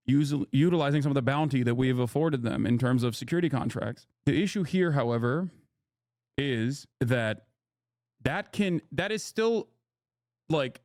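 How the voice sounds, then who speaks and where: A man's voice: mid-range voice, no room sound, clean studio sound. A man giving casual live-stream commentary on clips, sarcastic, heated and emphatic.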